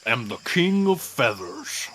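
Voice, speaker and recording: Guy doing a big pompous dinosaur king, lordly and condescending, talks down to everyone, faint hiss in the background. the voice sits at an ordinary middle pitch and he takes his time with every line. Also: big pitch swings, takes it slowly, fairly bright tone. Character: boastful male T-Rex king of feathers.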